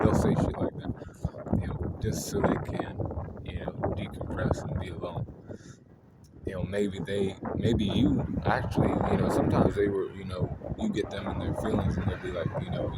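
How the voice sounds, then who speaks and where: A man's voice: sits low, steady tone, normal speed, heavy background noise. A man hosting an astrology video, talking in a loose, rambling way, full of fillers and swearing. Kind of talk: casual spoken monologue.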